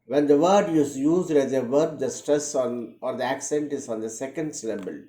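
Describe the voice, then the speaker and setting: A man giving a read-aloud lecture, measured, repeating words slowly to show their stress. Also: medium pitch, mellow. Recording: roomy echo.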